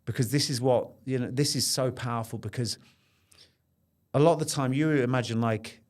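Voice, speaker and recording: A man's voice: medium pitch, fairly even intonation, moderate pace, a little mellow. A middle-aged man speaking as a podcast guest, telling a personal story in an earnest, intense way and repeating phrases as he relives it.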